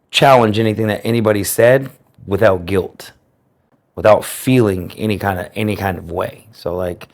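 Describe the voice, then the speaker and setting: A man from the United States shares his personal story during an interview, earnest and reflective, with careful, clear enunciation. He has a fairly low, slightly mellow voice.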